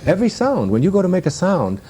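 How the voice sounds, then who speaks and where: A man's voice: high-pitched, huge pitch swings, quick pace, warm tone, husky. A man with a Detroit accent, musing through a reflective interview and laughing at his own jokes. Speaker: self-help speaker.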